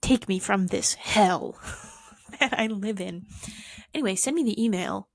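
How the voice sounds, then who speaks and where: A woman's voice: mid-range voice, a little slow, gravelly, dry recording. A young woman talking to camera in a casual, rambling monologue, swearing often and poking fun at herself. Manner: profane, rambling, self-mocking. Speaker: vlogger.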